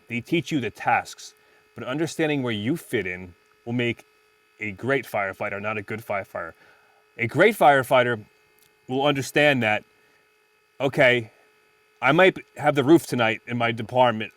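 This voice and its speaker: A man's voice: mid-range voice, a bit bright. A man, a firefighter on a casual panel, talking passionately and driving home points with emphatic stresses. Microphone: phone in an audio chat room.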